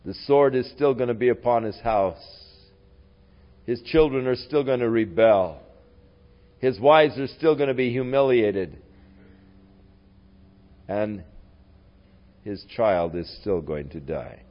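A man preaching a sermon in a slow, deliberate way, his voice rising and falling widely in pitch and loudness. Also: muffled recording.

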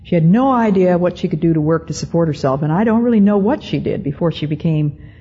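Low, husky older woman telling a story. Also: animated, mellow. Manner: measured, deliberate, with frequent pauses. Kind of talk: storytelling talk to an audience. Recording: dull lo-fi recording.

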